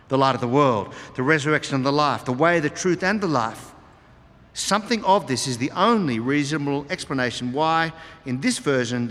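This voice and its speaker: Reading scripture aloud in a church hall, a man explains it through emphatic repetition as he preaches. His voice is on the high side and fairly bright, and a long hall reverb surrounds it.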